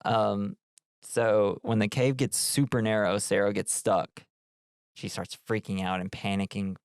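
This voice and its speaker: A man's voice: on the low side, unhurried, creaky, clear, resonant tone, no room sound, clean studio sound. A man co-hosting a podcast, recapping a film in casual chat and acting out quotes. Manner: animated storytelling with put-on quote voices.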